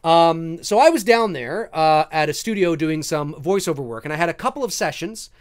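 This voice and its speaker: Chatting with viewers on his live stream, this man fields their questions and spins stories full of swearing and acted-out moments, all very animated. He speaks at a moderate pace in a fairly high voice.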